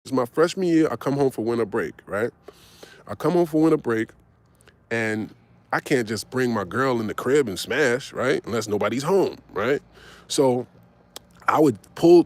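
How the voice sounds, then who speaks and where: A man in his forties telling a personal story in casual, profane talk, tagging his lines with "right?" and acting out both sides. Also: medium pitch. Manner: animated, swearing, tags lines with "right?".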